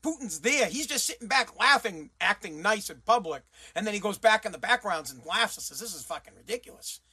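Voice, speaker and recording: A man's voice: sits high, expressive, a little fast, sharp tone, breathy edge. A man hosting a commentary show, ranting bluntly and sarcastically and swearing freely.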